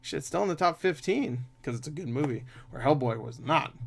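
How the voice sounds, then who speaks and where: A man's voice: a little high, expressive, fairly quick, creaky, slightly rough. A man chatting casually about box office numbers as a movie reviewer, swearing freely and laughing often.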